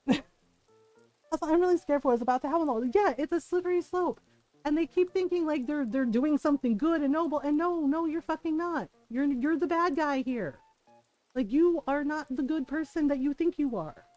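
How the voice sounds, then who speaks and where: A woman's voice: sits high, darkish tone, no echo, rough recording. A woman in her thirties streaming live, venting bluntly with lots of swearing. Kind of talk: casual livestream chat.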